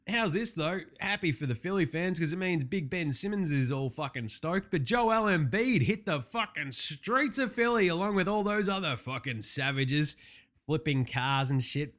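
A man hosting a casual sports recap, brash and profane with quick wisecracks. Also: high-pitched, fairly bright tone. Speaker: podcast host.

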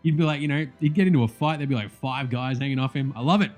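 A man's voice: mid-range voice, fast, darkish tone, faint music behind. A man with an Australian accent giving a casual, profane, jokey rant about sport. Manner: profane, blunt, jokey banter. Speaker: sports vlogger.

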